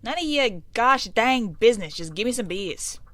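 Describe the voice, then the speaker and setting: A woman voicing a brash male 1920s gangster with a put-on mobster accent, loud and slangy. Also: fairly high pitch, animated, normal speed, no echo, pitched above the performer's own voice. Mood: rowdy.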